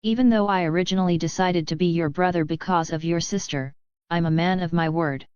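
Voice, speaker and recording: A laid-back, smooth-talking male mechanic, read by a woman in an audiobook. His voice is dry and unflappable, lowish and very clear. The recording is dead dry and dull. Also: fairly quick, a little mellow, dry recording, natural voice.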